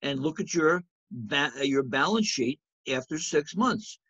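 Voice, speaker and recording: A man's voice: a little high, lively intonation, measured pace, sharp tone, husky, no echo, lo-fi sound. A man teaching accounting in a lecture over slides, talking in a conversational way and asking the class rhetorical questions. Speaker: accounting instructor.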